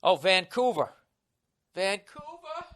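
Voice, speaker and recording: A man, hosting a solo comedy podcast, rambling and swearing, mocking himself and now and then rising to loud excited outbursts. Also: high voice, takes it slowly, no echo, clean studio sound. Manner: profane, rambling, self-mocking. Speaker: podcast host.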